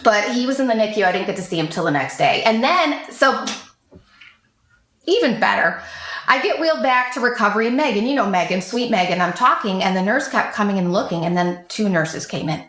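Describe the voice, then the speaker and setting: A woman in her thirties telling a long personal story in casual chat, animated and swearing freely as she acts out what others said. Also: mid-range voice, fairly quick. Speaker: podcast guest. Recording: echoey room.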